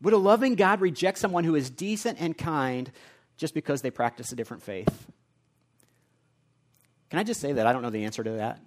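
A man preaching a sermon, earnest and conversational, moving between quiet reflective passages and emphatic repeated lines. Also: medium pitch. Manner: earnest, builds from quiet asides to emphatic repetition. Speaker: pastor.

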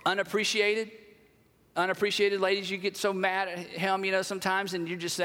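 A man's voice: high voice, fairly even intonation, normal speed, fairly bright tone. A man preaching a sermon as pastor, talking conversationally and acting out everyday dialogue. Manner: conversational, acts out quoted dialogue. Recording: long hall reverb.

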